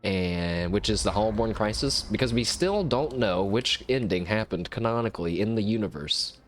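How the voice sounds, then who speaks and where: A man hosting a let's play, chatting excitably and rambling between game moments. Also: on the low side, moderate pace, soft background music. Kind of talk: casual gameplay commentary.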